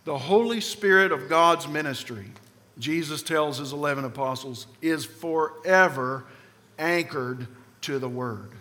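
A man preaching a sermon as pastor, emphatic, often sinking low and quiet at the ends of phrases. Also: measured pace. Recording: long hall reverb.

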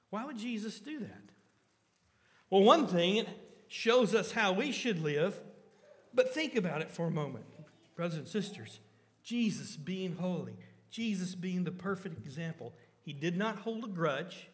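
A man's voice: high-pitched, very animated, moderate pace, long reverb tail. A man preaching a sermon in church, earnest and often asking the listeners questions.

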